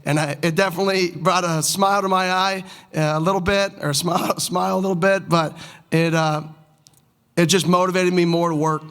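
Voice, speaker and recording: A man's voice: high-pitched, fairly even intonation, brisk, fairly bright tone, clean tone. A young man speaking as a head football coach at a press conference, emotional and fired up, repeating his points.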